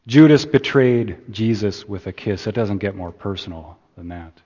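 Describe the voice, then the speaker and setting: A man preaching a sermon, slow and deliberate, building emphasis and then easing off at the ends of phrases. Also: on the low side, mellow. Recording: dull sound in a reverberant hall.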